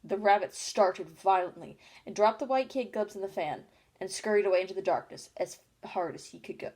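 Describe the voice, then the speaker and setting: A woman reading a classic storybook aloud. Her reading is plain and unhurried, with a small slip now and then. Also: medium pitch, darkish tone, husky. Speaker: audiobook reader. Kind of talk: storybook narration.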